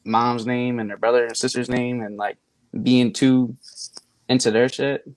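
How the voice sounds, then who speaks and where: A man's voice: medium pitch, little pitch movement, a little slow, no echo, poor audio. A man with a mid-range voice, chiming in on a casual podcast with short, dry remarks. He is recorded close and dry. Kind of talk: casual chat.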